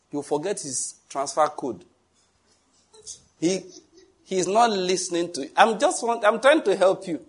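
A man preaching a sermon in an animated, joking way, with pleading asides to the congregation. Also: sits high, measured pace, pauses often, slightly rough.

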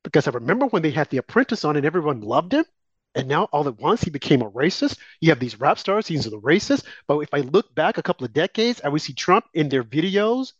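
A man's voice: on the high side, very animated, quick pace, husky, no room sound. A man co-hosting a political talk show, delivering emphatic, heated opinion commentary aimed at his co-host. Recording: dull, lo-fi and dry.

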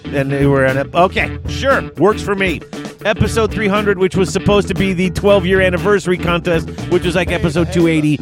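A man hosting a podcast, bantering loudly and joking at his own expense. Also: sits high, fairly quick, over music. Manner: boisterous, self-mocking banter. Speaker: podcast host.

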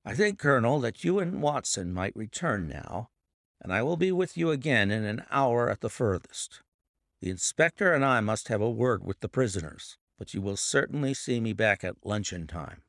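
A male audiobook narrator voicing a cool, commanding gentleman detective who speaks crisply and precisely. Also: lowish voice, expressive, normal speed, dry recording, studio quality.

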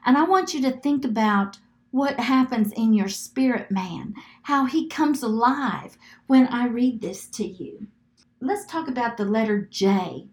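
A woman hosting a podcast, preaching with devotion and leading listeners through slow, earnest declarations to repeat after her. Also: a little high, animated, a little mellow. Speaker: podcast host. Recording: echoey room with faint music behind.

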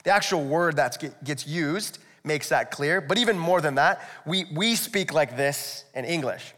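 A man's voice: fairly high pitch, lively intonation, measured pace, pushed and bright. A male pastor preaching a sermon in a conversational, explanatory way, with rhetorical asides to the congregation. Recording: echoey hall, long reverb.

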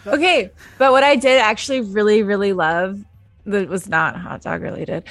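A woman's voice: mid-range voice, moderate pace, music in the background. A woman co-hosting a podcast, chatting casually about a film with many fillers and restarts. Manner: rambling, lots of fillers. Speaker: podcast co-host.

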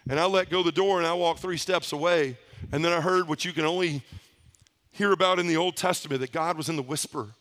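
A man giving a personal testimony at a men's conference, a lively storyteller who acts out the voices of the people in his story. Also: high-pitched, quick pace. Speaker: conference speaker.

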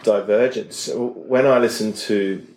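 A middle-aged Australian man chatting casually as a podcast co-host, telling animated stories. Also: fairly low pitch, slow pace. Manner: animated storyteller, acts out others mid-story. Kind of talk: casual chat. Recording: roomy echo.

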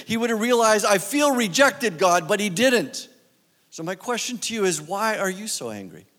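A man with a fairly high voice preaches a sermon as a guest speaker. He talks conversationally, often turning to ask his listeners questions. The sound carries the long reverb of a church hall. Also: a bit bright. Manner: conversational, asks the audience questions.

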